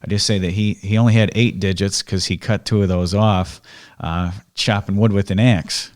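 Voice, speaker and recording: A middle-aged man talks with his father on a podcast, his voice sitting fairly low. He tells family stories in a relaxed, reflective way, the tone of a casual conversation. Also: moderate pace. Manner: storytelling, reflective. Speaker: podcast host.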